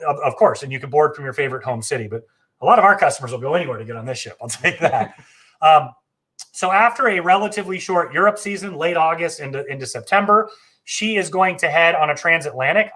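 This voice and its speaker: A travel agency host with a fairly high, fairly bright voice and lively intonation gives a casual live stream walkthrough. Loose and enthusiastic, he chats away, often restarting sentences and filling pauses with ums and uhs.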